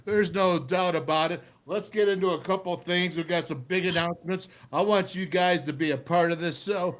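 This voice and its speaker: A man's voice: high voice, normal speed, few pauses, a bit bright. A man hosting a casual sports talk show, jokey and upbeat, laughing easily as he brings on his panel.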